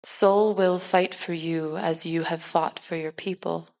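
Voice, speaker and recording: An earnest preacher, played by a woman, delivers a soothing sermon in a tabletop role-play podcast. Her voice sits a little low. She talks slowly and gently. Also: steady tone, creaky. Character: female preacher giving a sermon.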